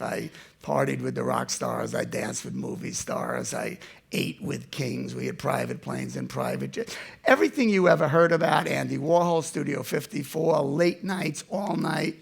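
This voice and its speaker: A gravelly-voiced man in his seventies tells an audience his life story, his pitch sitting on the high side. He delivers it in an animated storytelling manner, shifting between loud moments and hushed ones.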